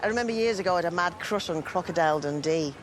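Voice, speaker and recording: An actress playing a chatty, good-natured middle-aged mum who gushes easily. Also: female voice, on the low side, rapid-fire, slight background noise, lightly acted. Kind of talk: sitcom acting.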